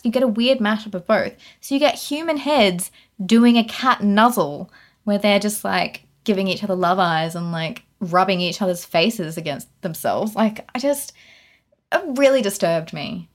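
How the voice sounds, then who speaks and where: A woman co-hosting a podcast speaks at medium pitch and a moderate pace during a casual film review chat. She rants about a movie in an animated, incredulous way, laughing as she goes.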